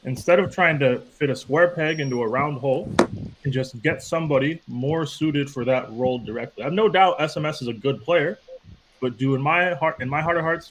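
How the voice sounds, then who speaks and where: A man on a podcast panel, talking in a measured, analytical way and building his argument step by step. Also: medium pitch, noisy background. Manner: measured, analytical, asks to cut in. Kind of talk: casual podcast debate.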